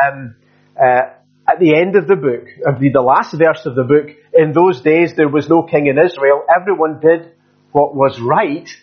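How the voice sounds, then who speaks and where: A man's voice: a little high, slightly rough. A man preaching a sermon in a conversational way, with many fillers and restarts. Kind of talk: expository sermon. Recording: dull lo-fi sound.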